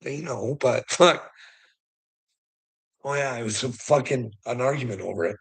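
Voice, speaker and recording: A man's voice: mid-range voice, unhurried, vocal fry, slightly rough. A middle-aged man telling a heated, profane story in a casual vlog rant, laughing often between lines. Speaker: vlogger.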